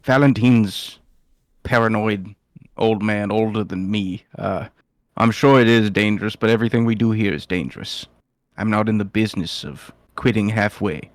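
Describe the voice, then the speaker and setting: A man's voice: on the low side, normal speed, dry recording, close to an everyday voice. A man voicing a proud, stern old male wizard who heads a school.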